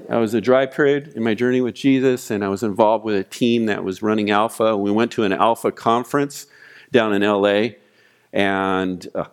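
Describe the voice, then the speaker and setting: A man preaching a sermon as pastor, retelling scripture and a personal story with animated storytelling. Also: lowish voice. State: weeping, choked voice in retold prayer.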